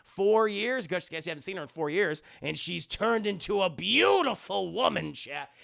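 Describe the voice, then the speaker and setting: A male streamer recapping a cartoon scene by scene for his chat, excitable and crude. His voice sits high and bright with a gravelly fry running through it. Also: normal speed.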